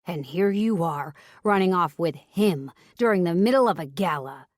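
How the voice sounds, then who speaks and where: A woman voicing a furious, protective older brother in an audiobook, speaking low and slow through clenched anger. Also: lively intonation, dry recording, clean studio sound. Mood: angry.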